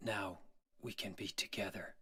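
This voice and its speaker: An actor playing a grieving young man in a game, speaking low and hushed, almost whispering. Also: fairly even intonation, normal speed, slightly rough, full character voice. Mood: resigned. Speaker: game character. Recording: game audio with loud noise.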